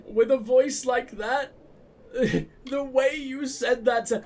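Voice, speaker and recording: A man's voice: very high-pitched, measured pace. A young man giving sarcastic, profane commentary while playing a game, mocking the characters. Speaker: let's play gamer.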